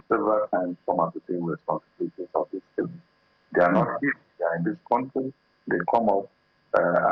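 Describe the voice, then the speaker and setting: A man's voice: sits low, breathy edge, no room sound, phone-quality sound. A man with a Nigerian accent, a guest analyst on a TV panel, speaking emphatically with repeated phrases. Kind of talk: TV panel discussion.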